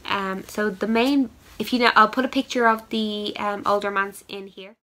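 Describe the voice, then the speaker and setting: A woman's voice: mid-range voice, fairly even intonation, moderate pace, bright, forceful tone, poor audio. A woman hosts her knitting podcast in a loose, chatty way. She rambles and pokes fun at herself, filling gaps with ums and uhs, in a mid-range voice. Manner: chatty, rambling, self-deprecating with fillers. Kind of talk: casual chat showing yarn.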